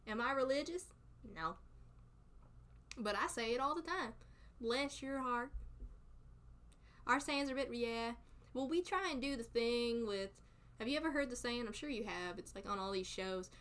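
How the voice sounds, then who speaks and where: A young woman from North Carolina with a Southern accent, chatting casually with her stream viewers, excitable and laughing often. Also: a little high, moderate pace.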